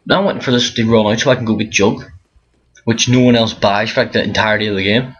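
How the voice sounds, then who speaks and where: A man's voice: lowish voice, fairly even intonation, fast, slightly rough. A tired young man giving rambling casual commentary over a zombie game, often restarting his sentences. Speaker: gaming commentator. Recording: dull lo-fi mic with faint hiss.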